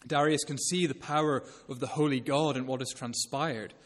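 Guy preaching a sermon, earnest and measured, long hall reverb on it. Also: medium pitch, steady tone.

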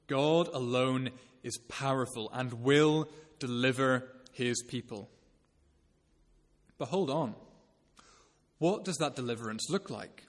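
A man preaching an earnest, measured expository sermon. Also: mid-range voice. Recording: long reverb of a hall.

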